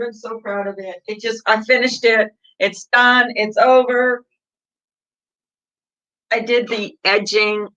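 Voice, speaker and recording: A middle-aged woman chats with her livestream viewers, rambling from one thing to the next and laughing often. Her voice is bright and sharp. The sound is dry and dull, like a cheap webcam microphone. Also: medium pitch, dry recording. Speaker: livestream host. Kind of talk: casual chat with viewers.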